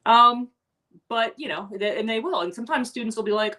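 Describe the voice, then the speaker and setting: A woman's voice: a little high, expressive, a little fast, sharp tone. A woman hosting a casual morning livestream, chatting with viewers and rambling with many restarts and asides. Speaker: host; teacher and life coach.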